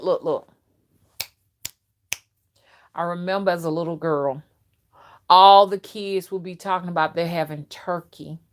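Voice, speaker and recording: A middle-aged woman, chatting and telling childhood stories to a live chat on her phone, outspoken and animated. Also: on the low side. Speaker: livestream host and rootworker. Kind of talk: casual storytelling to a live chat.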